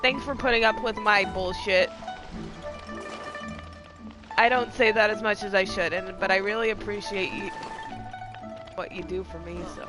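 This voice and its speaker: A woman's voice: mid-range voice, fairly even intonation, moderate pace, long pauses. A woman streaming a game, chatting casually and giggling between lines. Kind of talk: casual commentary while gaming. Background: game music.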